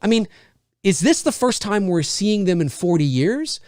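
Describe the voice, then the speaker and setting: A man talks through a film review in a casual, thinking-aloud way, often restarting his sentences mid-thought. His voice sits a little high for a man and moves through a wide, animated pitch range. The sound is close and dry, with no room around it. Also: moderate pace, no room sound.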